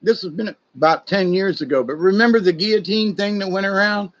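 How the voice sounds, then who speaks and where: A man's voice: sits high, fairly quick, dull audio. A man telling rambling, folksy stories in a casual monologue, digressing often and sounding conspiratorial. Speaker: spiritual talk host.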